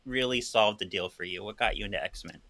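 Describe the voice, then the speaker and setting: A playful man hosting a casual podcast, upbeat and quick to joke. His voice is bright and forward. The recording is dry and close. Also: on the low side, dry recording. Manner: upbeat, playful, fumbles for words. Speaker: podcast host.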